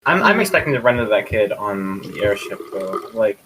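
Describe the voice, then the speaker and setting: A man's voice: fairly low pitch, big pitch swings, fairly quick, fairly bright tone, a little hiss or hum, poor audio. A man playing a tabletop game, chatting out of character and hedging as he thinks aloud. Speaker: player. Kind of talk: casual out-of-character chat.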